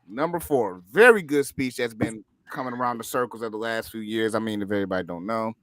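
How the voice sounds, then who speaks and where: Podcast guest, male, animated and bright, dry close mic. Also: fairly low pitch, fast, few pauses, no room sound. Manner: animated, joking, counts down his list. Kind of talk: casual podcast chat. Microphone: new microphone.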